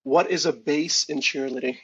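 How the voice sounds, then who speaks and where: A man's voice: on the high side, fairly even intonation, normal speed, fairly bright tone, breathy edge, highs cut off. A man hosting a podcast in casual chat, upbeat and laughing often as he quizzes his co-host.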